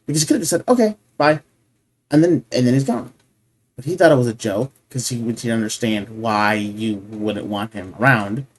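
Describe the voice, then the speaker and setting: A man with a voice on the low side briskly hosts a reaction video. Casual and earnest, he thinks aloud, often restarts his sentences, and keeps asking "right?"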